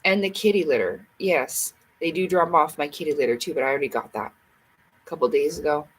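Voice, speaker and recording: Husky woman chatting casually on livestream. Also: sits low, fairly quick, low-quality recording. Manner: chatty, rambling, talks to herself and viewers. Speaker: livestream host.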